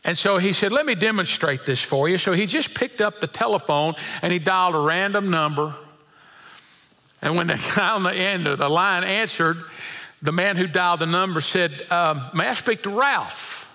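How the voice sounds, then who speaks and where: A man's voice: high-pitched, moderate pace, sharp tone. A middle-aged man preaching a sermon, telling folksy stories with chuckles and often repeating his words. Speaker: pastor.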